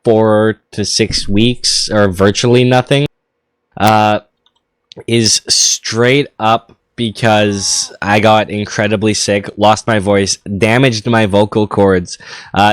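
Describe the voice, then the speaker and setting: Slightly hoarse excitable male caster. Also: on the low side, slow, dry recording. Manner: excitable, stammering restarts. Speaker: esports caster. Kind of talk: live esports commentary.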